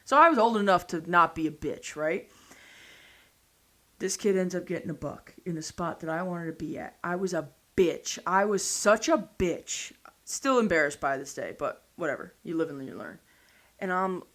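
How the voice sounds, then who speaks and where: Low-voiced woman telling a blunt story. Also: moderate pace. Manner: blunt, swears freely, excited retelling. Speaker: podcast guest. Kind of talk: casual storytelling.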